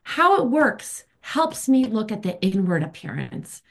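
A woman's voice: medium pitch, big pitch swings, measured pace, creaky. Candid woman in her fifties. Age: 50s. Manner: candid, emphatic, chatty with many fillers. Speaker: recovery meeting speaker. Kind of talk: personal recovery share.

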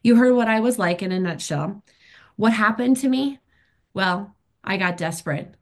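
A woman's voice: mid-range voice, animated, normal speed, darkish tone. A woman, sharing her recovery story at a meeting in a candid, emphatic, chatty way. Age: 50s. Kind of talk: personal recovery share.

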